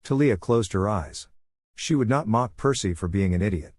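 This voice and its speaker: A man's voice: on the low side, animated, moderate pace, a little mellow, no room sound. A man reading fan fiction aloud, narrating and voicing the dialogue with little character acting. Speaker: fanfiction reader.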